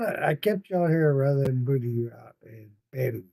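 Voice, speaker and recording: Expressive and a little fast, this man's warm, creaky mid-range voice carries a rambling late-night livestream where he reads viewers' comments, swearing and laughing. He's tired and yawning, and the recording is dry.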